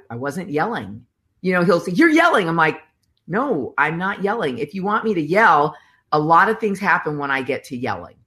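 A middle-aged woman co-hosting a faith talk show, speaking forcefully and animatedly, laughing often. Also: lowish voice. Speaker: co-host.

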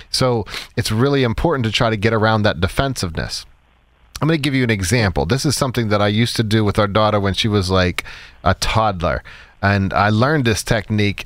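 A man hosting a call-in radio advice show, calm and validating, explaining his points with everyday examples. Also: on the low side, no echo.

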